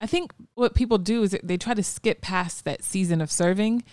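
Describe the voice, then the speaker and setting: A woman's voice: mid-range voice, normal speed, a little mellow, dry recording, studio quality. A woman hosting a casual faith-based talk, affirming her guest often. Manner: affirming, frequent back-channel responses. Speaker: host.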